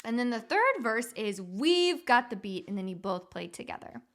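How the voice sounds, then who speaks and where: A woman with a voice on the high side and big pitch swings speaks at a moderate pace. She is a music therapist and podcast host who explains steps plainly with a few fillers and sings simple call-and-response demos in a teaching podcast.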